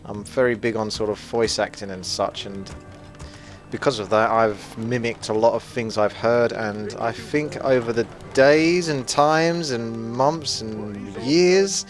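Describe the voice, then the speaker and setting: Brief: young adult male gamer, mixed British accent, casual and self-mocking, mid-pitched. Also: a little slow, faint music behind. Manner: playful, self-mocking, chatty. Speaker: gaming commentator. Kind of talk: casual gameplay commentary.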